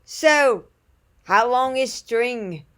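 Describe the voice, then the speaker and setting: A woman's voice: a little high, expressive, drawn-out words, fairly bright tone, voice pushed up, heavily acted. A woman doing a wry British knife sharpener. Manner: dry, sarcastic jokes. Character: deadpan joking male knife sharpener.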